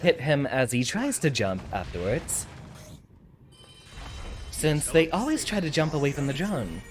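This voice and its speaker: A man's voice: a little high, sing-song, a little slow, faint music behind. A man streaming a fighting game, chatting and thinking aloud as he plays, now and then laughing. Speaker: VTuber streamer. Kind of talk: live gameplay commentary.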